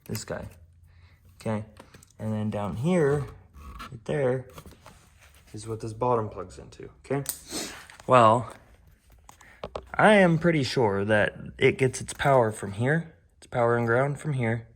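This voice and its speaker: A man's voice: medium pitch, unhurried, pauses often, slight background noise. A young man vlogging about fixing up his car, talking casually and bluntly, with some swearing and self-deprecating jokes. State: out of breath. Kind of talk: casual vlog. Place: home garage.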